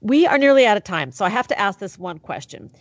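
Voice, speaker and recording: A woman's voice: mid-range voice, lively intonation, quick pace, no echo. A woman hosting a talk show, chatting with enthusiasm. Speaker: host. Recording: dry, dull lo-fi sound.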